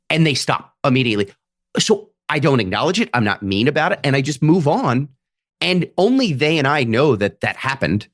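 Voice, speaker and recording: A man talks through comedy club stories on a podcast, his pitch swinging widely as he goes. He keeps breaking into little acted quotes of audience members, then drops back to his own mid-range voice. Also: no room sound, studio quality. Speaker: comedian guest. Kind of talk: casual podcast storytelling.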